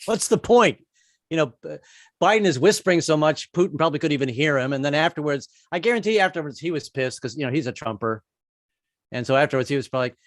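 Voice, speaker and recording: A man's voice: on the high side, expressive, fast talker, no room sound, clean studio sound. A man in his fifties doing a stand-up comedy set, rambling and self-mocking, with many restarts.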